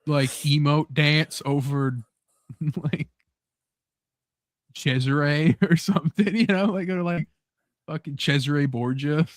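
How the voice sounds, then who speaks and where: A man's voice: a little high, slow, pauses often, no room sound, studio quality. A man hosting a casual podcast chat, rambling and swearing, laughing often. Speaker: podcast host.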